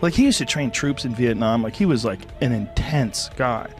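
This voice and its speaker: A man's voice: mid-range voice, moderate pace, vocal fry, faint music behind. A man hosting a podcast, telling vivid stories in casual chat with lots of swearing and emphatic repetition. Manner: animated, profane storytelling. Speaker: podcast host.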